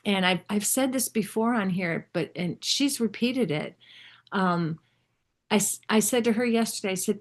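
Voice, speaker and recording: A woman's voice: medium pitch, normal speed. Older woman, casual sharing, rambling and self-interrupting with frequent laughter. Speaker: spiritual group member sharing.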